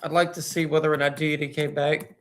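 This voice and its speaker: A man hosting a casual livestream. He talks hesitantly and stops often for fillers and short pauses. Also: on the high side, little pitch movement, a bit bright. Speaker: livestream host.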